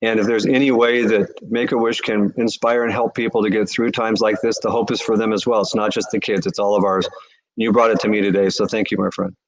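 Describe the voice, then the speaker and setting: A man, a charity CEO, answering interview questions with earnest, animated storytelling. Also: fairly low pitch, fairly quick, low-quality recording.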